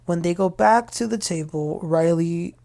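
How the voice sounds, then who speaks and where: A woman's voice: lowish voice, measured pace, dark tone. A woman hosting a casual TV recap, chatty and opinionated as she retells scenes. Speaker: reality TV recap host. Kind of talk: casual episode recap commentary.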